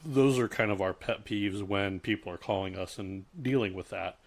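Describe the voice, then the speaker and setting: Middle-aged male co-host, fairly low voice, casual and halting, lots of restarts. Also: gravelly. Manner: halting, many restarts and fillers. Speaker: podcast co-host. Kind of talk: casual chat.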